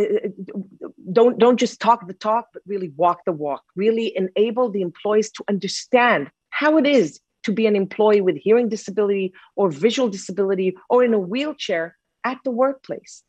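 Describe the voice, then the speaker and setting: A woman's voice: mid-range voice, darkish tone, dry recording. Earnest woman giving a presentation. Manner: earnest, with frequent fillers and restarts. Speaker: conference speaker on inclusive employment. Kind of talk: presentation talk.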